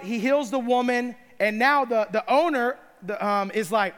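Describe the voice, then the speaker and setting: A man's voice: very high voice, moderate pace, a bit bright, big-room sound. A middle-aged man preaching a sermon, retelling scripture stories with playful asides. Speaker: pastor.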